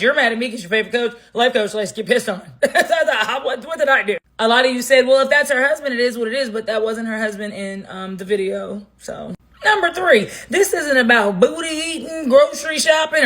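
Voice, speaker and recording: A woman hosting a gossip story time with a bright, somewhat high voice. She delivers it in an animated, blunt, lively way and breaks into laughter often. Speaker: gossip vlog host.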